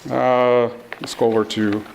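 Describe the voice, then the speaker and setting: A man's voice: mid-range voice, flat delivery, a little slow, vocal fry, a little hiss or hum. A middle-aged man preaching a sermon in a playful, conversational way, acting out the people in his stories. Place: congregation hall.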